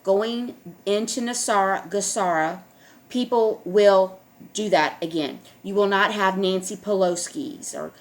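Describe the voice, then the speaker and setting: A woman's voice: medium pitch, a little slow. Insistent middle-aged woman vlogging. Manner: insistent, keeps repeating "all right?". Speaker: online video host. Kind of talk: casual monologue to camera.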